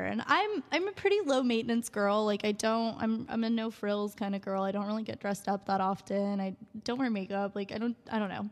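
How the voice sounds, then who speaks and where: A woman's voice: mid-range voice, moderate pace, in a large hall. A young woman from San Diego, an actress chatting in a casual radio interview, giggly and talkative as she tells stories. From San Diego, California.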